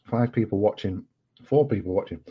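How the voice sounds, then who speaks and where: With a fairly low, husky voice and a brisk delivery, an English guest chats casually on a nighttime livestream from home. He rambles, apologizes and fills his speech with fillers, and the lo-fi home recording sounds dull.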